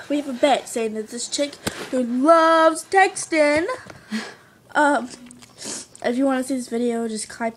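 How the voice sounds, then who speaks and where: A woman's voice: sits high, a little hiss or hum. A teenage girl from the United States chatting casually in a home vlog, giggly and easily sidetracked. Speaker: vlogger. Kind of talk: casual chat.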